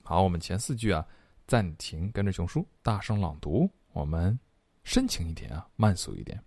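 A man leads an online English lesson in a low, dark voice. He explains quickly, then repeats each phrase slowly for learners. The recording is dry and close. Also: big pitch swings, no room sound. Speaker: English pronunciation and singing teacher.

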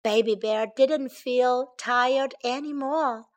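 A woman teaching English through a children's story. She reads slowly and clearly and repeats phrases for young learners. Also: high voice. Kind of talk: bilingual English lesson with storybook read-aloud.

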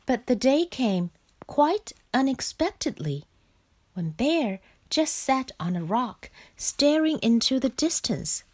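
A woman reading a children's picture book aloud, slow and expressive. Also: sits high, husky. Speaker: storyteller.

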